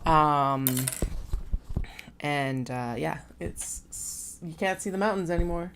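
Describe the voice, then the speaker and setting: A young woman with a Western Canadian accent talks in a low, rambling way, full of fillers and rising uptalk. She sounds casual and chatty, as if hosting a livestream while she works. There is faint noise in the background. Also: slow pace, a bit bright. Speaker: sewing livestream host.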